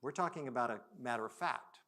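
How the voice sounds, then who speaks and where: A man's voice: medium pitch, quick pace. Man telling stories at a summit. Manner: conversational, dramatic swings between soft and loud. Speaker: conference speaker. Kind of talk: storytelling keynote talk. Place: virtual summit talk.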